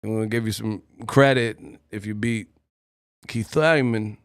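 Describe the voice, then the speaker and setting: A man's voice: on the low side, fairly even intonation, unhurried, clean tone, dry recording, studio quality. A man hosting a boxing live stream, joking and laughing often as he does impressions. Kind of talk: casual live-stream commentary.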